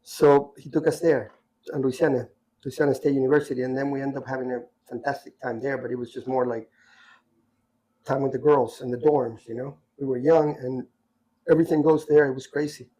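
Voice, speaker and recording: Husky older man telling stories. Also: mid-range voice, fairly quick, low-quality recording. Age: 60s. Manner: rambling, animated anecdotes with many asides. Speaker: podcast guest storyteller. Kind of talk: casual storytelling.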